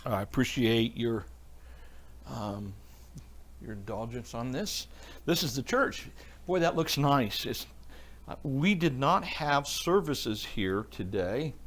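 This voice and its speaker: Man, pastor, casual livestream Bible talk, rambling, answers chat, mid-pitched voice. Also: expressive, slow, fairly bright tone. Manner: rambling, chatty, answers viewers by name. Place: church, alone.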